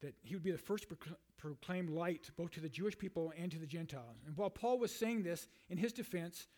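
A male pastor giving a conversational sermon, with frequent "you know"s and restarts, reading scripture aloud and then paraphrasing it in lively everyday words. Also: fairly high pitch, brisk.

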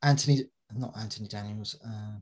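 A man as a guest in a casual chat, talking in an animated way and laughing often. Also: on the low side, a little fast.

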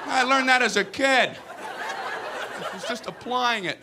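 A man performs stand-up comedy in an animated, high-pitched voice, often jumping into childish voices for his bits. The live recording carries loud crowd laughter and room noise. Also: a little fast. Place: comedy venue before a live audience.

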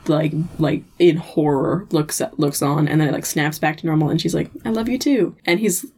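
A woman's voice: low voice, moderate pace, breathy edge. A woman casually recapping a TV episode with a co-host, acting out the characters' lines as she goes. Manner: animated retelling, acting out characters' lines with laughs. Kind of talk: casual chat.

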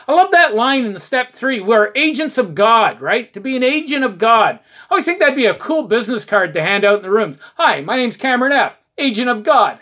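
A man's voice: extremely high pitch, pushed and bright. Earnest man preaching the twelve steps. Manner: earnest and preachy, with rhetorical questions and short anecdotes. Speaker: recovery meeting speaker.

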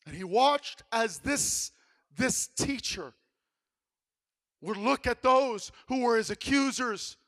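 A male pastor preaching a sermon in a church, telling the story dramatically and swinging between hushed lines and shouted ones. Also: very high-pitched, lively intonation, slow pace.

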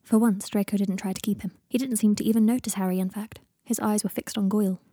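A woman narrating a fan fiction audiobook in a quiet, steady reading voice. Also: mid-range voice, fast talker, slightly rough, no echo, studio quality.

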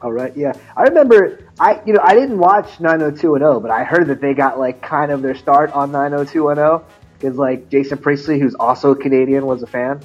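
Fast-talking man with a husky voice. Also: a little high, highs cut off, soft background music. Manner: rambling, many restarts and fillers. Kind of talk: casual chat about 90s music.

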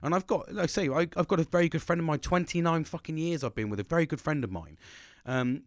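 A man talking candidly to camera in a halting, profane monologue with many restarts. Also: a little high, no room sound, studio quality. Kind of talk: casual confessional monologue.

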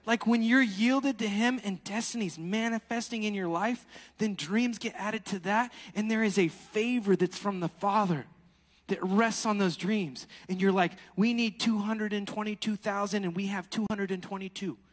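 Animated preacher in a reverberant hall. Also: male voice, sits high, normal speed. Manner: animated, laughing, swinging from loud to hushed. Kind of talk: sermon.

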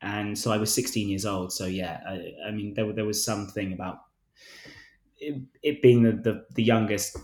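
A man's voice: fairly low pitch, steady tone, moderate pace, darkish tone. A man in his twenties, an actor guest on a podcast, telling self-deprecating stories in a casual, rambling way with frequent restarts. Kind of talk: casual interview chat. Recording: roomy echo.

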